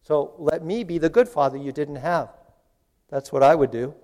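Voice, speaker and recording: A man's voice: on the high side, normal speed, warm tone. A man preaching a sermon in an earnest, pleading way, addressing his listeners directly. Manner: earnest, pleading, voices God and Jesus in quotes. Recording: long hall reverb.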